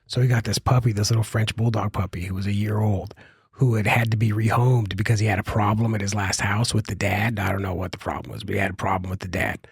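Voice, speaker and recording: A man's voice: on the low side, level tone, fast, gravelly, slightly rough, no room sound, clean studio sound. A man telling a long rambling story on a podcast, full of restarts and casual swearing. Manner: rambling, many restarts and fillers, swears freely. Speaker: guest comedian.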